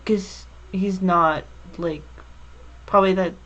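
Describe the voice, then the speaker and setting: Woman, show host, hesitant word-searching, somewhat low voice, dull lo-fi recording. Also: steady tone, takes it slowly. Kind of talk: casual review chat. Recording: dull lo-fi audio.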